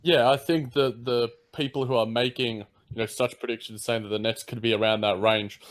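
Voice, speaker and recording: A man's voice: medium pitch, steady tone, a little fast. A man with an Australian accent co-hosting a casual sports podcast, rambling with lots of fillers and restarts. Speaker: podcast co-host.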